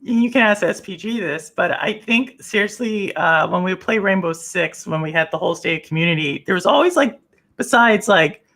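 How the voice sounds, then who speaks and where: A woman's voice: fairly low pitch, normal speed. Chatty laughing woman podcast host. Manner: chatty, laughs often, animated asides. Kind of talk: casual interview chat.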